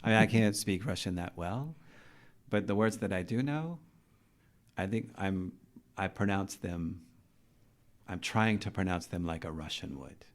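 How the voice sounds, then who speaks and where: Hosting a podcast interview, a man with a low, unhurried voice keeps things casual and chatty. He fires off lots of questions and says "okay" and "dude" a lot.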